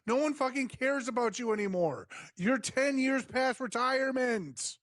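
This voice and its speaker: A man's voice: extremely high pitch, moderate pace, fairly bright tone, no echo, studio quality. A man co-hosting a wrestling review show, ranting angrily and sarcastically with lots of swearing. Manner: angry, sarcastic ranting with mocking impressions. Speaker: podcast co-host.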